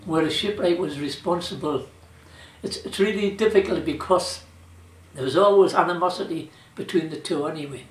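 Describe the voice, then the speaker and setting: Older geordie man, rambling oral history, fairly high voice, roomy echo, distant mic. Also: normal speed. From South Shields, England. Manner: rambling, colloquial, with fillers like "you know" and "like". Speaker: interviewee, former shipwright.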